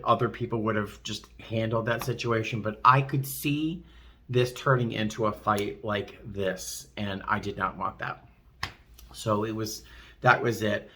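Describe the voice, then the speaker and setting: A man's voice: fairly low pitch, pushed and bright. A man vlogging from a hotel room in a chatty, rambling way full of fillers. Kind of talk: casual chat to camera.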